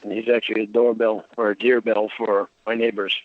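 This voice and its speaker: A man calling in to a radio show, talking in a halting, simple, hesitant way. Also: fairly low pitch, little pitch movement, no echo. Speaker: radio caller. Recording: muffled radio call audio.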